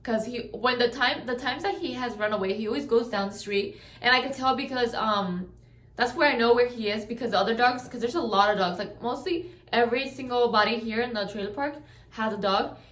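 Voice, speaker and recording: A woman's voice: fairly high pitch, brisk, a bit bright. Chatty woman telling a story, roomy echo. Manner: rambling, chatty, keeps checking in with listeners. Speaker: vlogger. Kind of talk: casual storytelling. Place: at home in a trailer.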